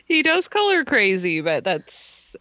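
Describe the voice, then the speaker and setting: A woman co-hosting a podcast, casually recapping a TV episode, animated, laughing a lot and swearing casually. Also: high-pitched, no room sound. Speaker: podcast co-host. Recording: slightly dull lo-fi sound.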